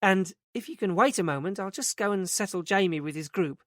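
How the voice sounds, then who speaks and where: A man's voice: high-pitched, animated, brisk, fairly bright tone, no echo, clean studio sound, pitched above the performer's own voice. A man voicing a flustered, fluttery woman manager. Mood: brisk. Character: flustered middle-aged woman, day centre manager. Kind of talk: audiobook character reading.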